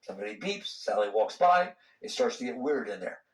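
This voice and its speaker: A man giving a spiritual talk to an audience, conversational and animated, acting out the voices inside people's heads. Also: medium pitch, fairly quick, far from the mic. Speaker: spiritual teacher. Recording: roomy hall sound, voice from off-mic.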